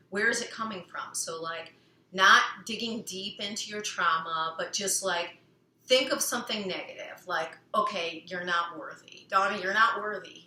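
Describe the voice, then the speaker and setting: A woman gives a casual self-help talk, rambling along with many fillers. Her voice is bright and forceful, and she sometimes sings a phrase playfully. The room adds a noticeable echo. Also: mid-range voice. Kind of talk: casual personal talk on healing. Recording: echoey room.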